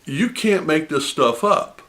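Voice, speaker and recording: This man's voice is fairly high and fairly bright, with lively intonation but a slow pace. As host of a personal finance channel, he speaks to camera, indignantly and emphatically retelling a phone argument while laughing in disbelief.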